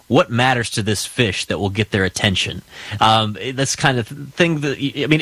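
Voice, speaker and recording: A male talk show host leads the conversation in a relaxed, folksy manner. His voice is mid-pitched and recorded dry and close. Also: no echo. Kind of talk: radio talk show interview.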